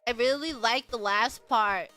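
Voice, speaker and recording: Young woman, streamer, bubbly and giggly, unhurried talk, casual chat. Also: on the high side, pushed and bright, faint music behind.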